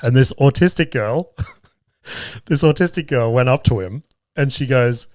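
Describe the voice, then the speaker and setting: An Australian man in his thirties hosts a podcast, telling family stories in a casual, sweary way and laughing often. His mid-range voice is unhurried, recorded in clean studio sound with no room sound.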